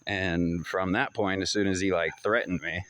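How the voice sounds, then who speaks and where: A vlogger talks to the camera in a low, steady voice at a normal pace, rambling through a story, repeating himself and using loose slang. His tone is clean and slightly bright with no echo, while dogs bark and fireworks go off in the distance.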